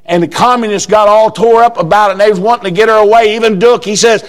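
Older preacher man, fervent shouting sermon. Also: high voice, fairly even intonation, fast. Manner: swings from quiet storytelling to fervent shouting. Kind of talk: sermon storytelling.

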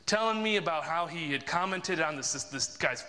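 A man chats casually and rambles through a story full of fillers and restarts. His voice sits fairly high and sounds forceful. The room adds a long reverb tail. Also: expressive, normal speed. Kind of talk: casual chat.

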